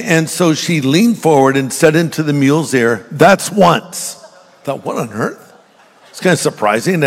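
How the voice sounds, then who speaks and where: An older man preaching a sermon, folksy and joking as he tells stories. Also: a little high. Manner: folksy storytelling with jokes. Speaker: pastor. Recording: reverberant hall.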